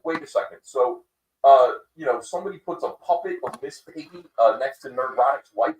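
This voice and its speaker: A man hosts a casual livestream, ranting with a lively, swooping delivery and plenty of fillers. He sounds set back from the mic in an echoey room. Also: medium pitch, normal speed, far from the mic. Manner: animated, ranting, many fillers and mocking quoted voices. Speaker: podcast host.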